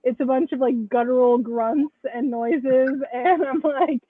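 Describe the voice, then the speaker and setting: A woman guest on a live podcast, sarcastic and quick to laugh in casual chat. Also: high voice, no room sound. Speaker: podcast guest, tarot author. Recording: tinny phone-like dry sound.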